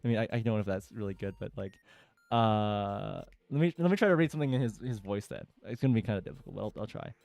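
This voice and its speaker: A man's voice: fairly low pitch, fast, gravelly, darkish tone, no room sound. A man casually reading forum posts aloud and commenting, with lots of fillers and chuckles. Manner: chatty, with frequent fillers and laughter.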